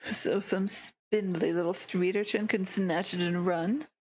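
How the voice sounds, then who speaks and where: A woman's voice: on the low side, steady tone, unhurried, a little mellow, a little hiss or hum, lightly acted. A woman voicing a languid, sneering young male monster, drawling every line with derision while reading a visual novel aloud. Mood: derisive.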